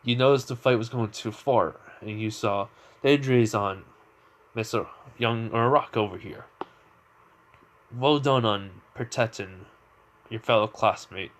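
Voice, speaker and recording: A man's voice: fairly low pitch, unhurried, close to an everyday voice. A man voicing an older hero mentor who speaks in a formal, approving way, in an improvised spoken fan story.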